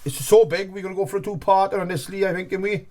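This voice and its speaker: A man's voice: high-pitched, fairly even intonation, quick pace, darkish tone. A man co-hosting a podcast, chatting earnestly and casually. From Wales. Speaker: podcast co-host. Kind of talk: casual banter.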